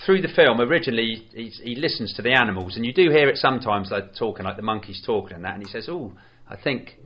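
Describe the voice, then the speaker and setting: A man co-hosting a podcast, chatting casually about a film in a hesitant, rambling way with many pauses and fillers. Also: fairly low pitch, lively intonation, muffled recording. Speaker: podcast co-host. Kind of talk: casual film review chat.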